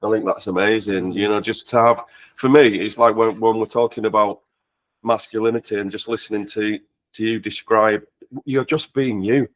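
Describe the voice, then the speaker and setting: A man with a fairly low voice who hosts an interview in a reflective, affirming way. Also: fairly even intonation, normal speed. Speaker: host. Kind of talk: conversational interview.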